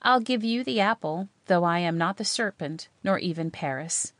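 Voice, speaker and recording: A woman reading aloud and voicing a calm, teasing young man who claims to be a ghost. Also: lowish voice, normal speed, dry recording.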